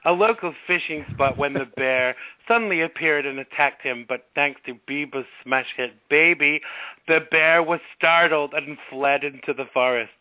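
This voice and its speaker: A man's voice: fairly high pitch, moderate pace, dry recording. A male radio host chatting casually and jokily, often restarting his sentences, heard over a tinny phone line. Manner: hesitant, lots of restarts, jokey. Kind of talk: casual talk-radio chat.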